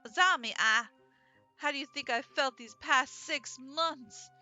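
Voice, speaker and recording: Game voice: woman putting on a drawling, homespun cafe man of middle years, bright and clear, faint music behind. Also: high-pitched, unhurried, voice pushed up, exaggerated voice. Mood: pleading. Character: folksy middle-aged man, cafe owner, former biker leader.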